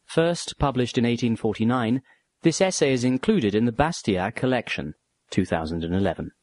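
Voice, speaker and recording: Brief: male announcer, lively intonation, dry studio read of credits. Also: medium pitch, moderate pace, dry recording. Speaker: audiobook announcer. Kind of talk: title announcement.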